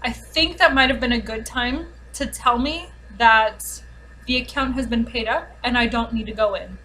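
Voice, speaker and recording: A woman telling a frustrating everyday story in a casual vlog, exasperated and sarcastic, talking fast in bursts. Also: on the high side, sharp tone, a little hiss or hum, poor audio. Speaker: vlogger. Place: home, with a dog nearby.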